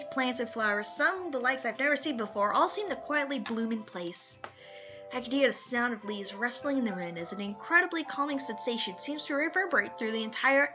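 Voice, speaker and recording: A woman hosting a let's play, reading a visual novel aloud with expressive, giggly asides. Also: on the high side. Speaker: let's play host reading a dating sim. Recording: slightly muffled, faint music behind.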